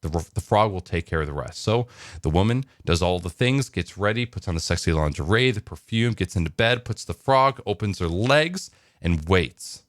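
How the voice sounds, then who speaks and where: A man's voice: deep voice, expressive, moderate pace, no echo, clean studio sound. A man telling a joke and chatting casually in a morning vlog, rambling with lots of fillers. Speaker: vlogger.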